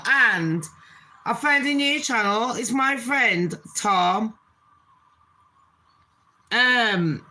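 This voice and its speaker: A woman's voice: on the high side, bright, forceful tone, poor audio. A woman chatting casually to her channel, swearing freely and laughing often. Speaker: channel host. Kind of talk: casual chat vlog.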